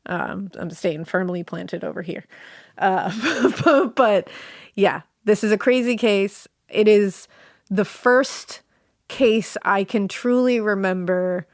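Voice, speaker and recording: A woman's voice: medium pitch, slow, no room sound, studio quality. A woman co-hosting a podcast in casual chat, bubbly and playful, often laughing. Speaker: podcast co-host.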